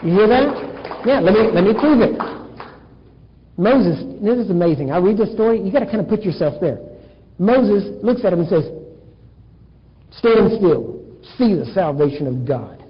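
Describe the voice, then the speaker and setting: A man preaching a sermon, telling Bible stories in a lively way and acting out the dialogue, with a husky voice. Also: sits high, normal speed. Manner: animated storytelling, acting out dialogue. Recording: dull echoey hall recording.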